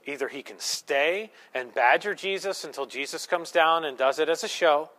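A male pastor delivering a sermon with a slightly high pitch. He talks to the congregation in a loose, conversational way. He slips in jokes and acts out the characters he quotes. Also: normal speed, pushed and bright. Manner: conversational, playful asides and acted quotes.

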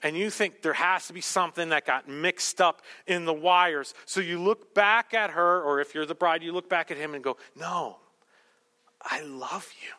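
A man's voice: fairly high pitch, moderate pace, few pauses, bright, forceful tone. A man preaching a sermon, acting out the lines of the people in his story, sometimes dropping to a whisper. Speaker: pastor.

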